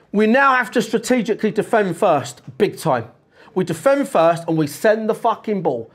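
A man's voice: high-pitched, sing-song, normal speed. A man gives a blunt half-time team talk, swearing freely and pressing his players with urgency. He talks as a football manager in a dressing room.

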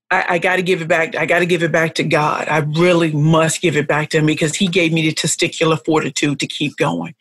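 A woman's voice: low-pitched, breathy edge, no room sound. Emotional woman telling her life story. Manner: emphatic and repetitive, stacks phrases for emphasis. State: emotional, close to tears. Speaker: podcast guest, pitch coach.

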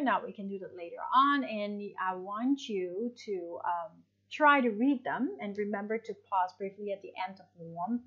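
A woman teaching an English lesson, explaining step by step and checking in with her students. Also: mid-range voice. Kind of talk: online class lesson. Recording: dull lo-fi audio.

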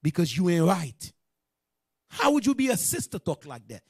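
A man's voice: high-pitched, huge pitch swings, normal speed, slightly rough, no echo, studio quality. A man teaching a religious class in a sermon style, emphatic and direct, often asking his listeners whether they understand.

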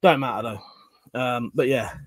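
A man's voice: medium pitch, normal speed, breathy edge, dry recording. Chatty man with a dry close mic. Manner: rambling, chatty, swears casually. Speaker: livestream host reading chat. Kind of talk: casual livestream chat.

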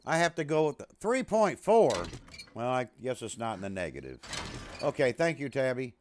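Male streamer, lively pitch, casual banter with his chat. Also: moderate pace, slight background noise. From USA. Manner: chatty, talks to his chat and his dog, jokey. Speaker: streamer playing a survival game.

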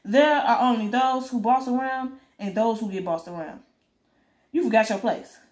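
A woman's voice: a little high, normal speed, a little mellow, roomy sound, close to an everyday voice. A woman doing a sneering, cruel gang boss. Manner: sneering, foul-mouthed threats. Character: ruthless male gang boss, cruel and mocking.

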